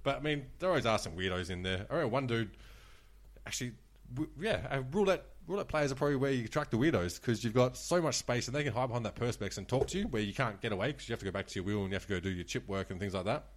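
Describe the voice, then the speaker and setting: A man's voice: medium pitch, lively intonation, racing. A man with an Australian accent, a former croupier, telling stories in a laid-back, sweary way on a casual podcast. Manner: laid-back, swears a lot, laughs often. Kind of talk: casual storytelling chat.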